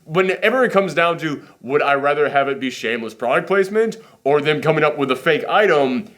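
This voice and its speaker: A man with a slightly high voice talks through a movie in a loose, rambling way. He pokes fun at himself and has a runny nose. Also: lively intonation, brisk, fairly bright tone. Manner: rambling, self-deprecating, acts out quotes in silly voices. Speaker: movie reaction host. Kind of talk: casual movie review chat.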